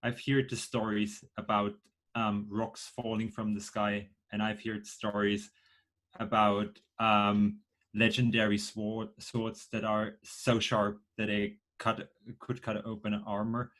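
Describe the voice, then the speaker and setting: A man's voice: fairly low pitch, level tone, slow, fairly bright tone. A man speaking in character as a blunt wanderer in a tabletop game, hesitant and full of fillers. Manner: hesitant, thinking aloud with fillers.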